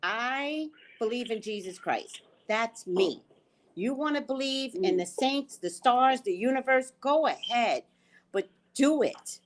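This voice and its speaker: A woman hosting a casual live chat, animated and comic, often laughing. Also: a little high, takes it slowly. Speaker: host.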